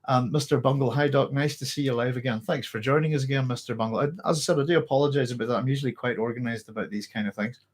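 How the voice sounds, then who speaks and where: A man's voice: mid-range voice, steady tone, fast, few pauses. A man from Northern Ireland with a Northern Irish accent hosts a live book club stream, chatting casually and apologizing a lot while slightly out of breath. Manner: apologetic, chatty, self-interrupting.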